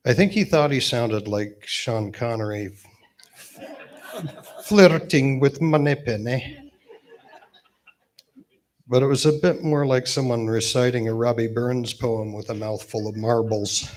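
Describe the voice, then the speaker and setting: A man in his fifties giving a eulogy at a memorial gathering with gentle humor, pausing often with fillers. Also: mid-range voice. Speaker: eulogy speaker, best man.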